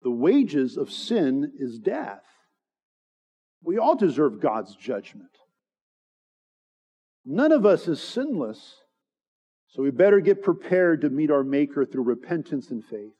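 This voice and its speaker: A man's voice: on the high side, big pitch swings, slow, long pauses, mellow, breathy edge. A man preaching an earnest sermon, pressing each point with emphatic repetition. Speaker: pastor. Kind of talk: expository sermon. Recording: long hall reverb, dull lo-fi sound.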